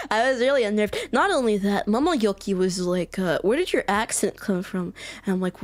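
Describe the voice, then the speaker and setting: A woman's voice: medium pitch, expressive, moderate pace, no room sound. Giggly chatty American woman streamer. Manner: giggly, chatty, says like a lot. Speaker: VTuber streamer. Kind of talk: casual chat with live chat.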